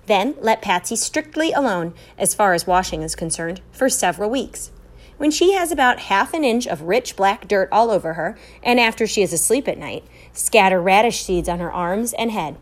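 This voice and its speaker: A woman voicing a kindly, eccentric older woman who gives odd advice in a storybook reading, in a brisk, matter-of-fact way. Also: mid-range voice, lively intonation, natural voice.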